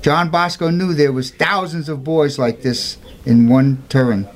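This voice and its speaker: A man tells a saint's story in a steady tone at a measured pace, informal yet earnest. He stays emphatic, poses rhetorical questions, and goes higher in pitch for any quoted voices.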